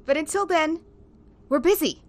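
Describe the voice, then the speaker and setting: A woman's voice: high-pitched, moderate pace, pitched above the performer's own voice, lightly acted. A woman playing a terse, secretive telepathic adventurer in a tabletop game, in a brusque, dismissive manner.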